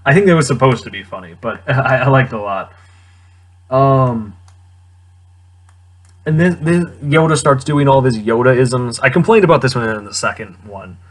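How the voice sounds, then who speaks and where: Young man reviewing a film, husky, slightly breathy tone, loose and wry delivery with frequent chuckles. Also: medium pitch, lively intonation, normal speed, pauses often. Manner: rambling, wry, chuckling often. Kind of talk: casual movie commentary.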